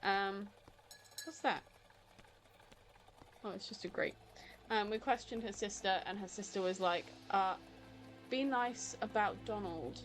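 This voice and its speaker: A woman's voice: medium pitch, steady tone, a little slow, pauses often, soft background music. A woman chatting casually as she streams a video game, often confused and laughing. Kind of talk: casual let's-play commentary.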